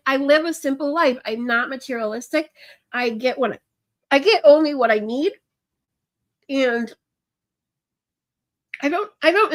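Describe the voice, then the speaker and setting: A woman chats with her livestream viewers while crying, venting in a rambling, emotional way. She keeps restarting her sentences and reaching for fillers. Her voice sits somewhat high for a woman. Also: a bit bright. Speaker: livestream host. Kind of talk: casual chat with viewers.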